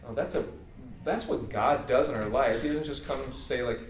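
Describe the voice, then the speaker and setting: At normal speed and in a mid-range voice, a man gives a conversational, heartfelt sermon, earnest and informal with many fillers. A little hiss or hum is audible, and the distant mic catches the room's echo.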